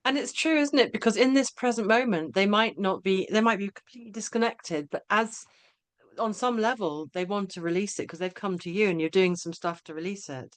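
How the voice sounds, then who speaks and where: A woman hosting a webinar over a video call, agreeing warmly with her guest and speaking hesitantly with many fillers and restarts. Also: medium pitch, brisk, no echo. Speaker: host. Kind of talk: casual webinar chat.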